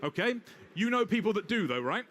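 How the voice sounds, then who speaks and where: A British man giving a live technical talk with a demo, brisk and wry, talking straight to the audience. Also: high-pitched, big pitch swings, a bit bright. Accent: British English. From Britain. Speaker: technical presenter.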